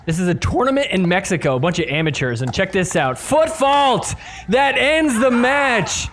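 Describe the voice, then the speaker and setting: A man hosting a podcast who reacts to sports clips with animated commentary, laughing often and putting on mock voices for the players. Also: high-pitched, moderate pace. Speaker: podcast host.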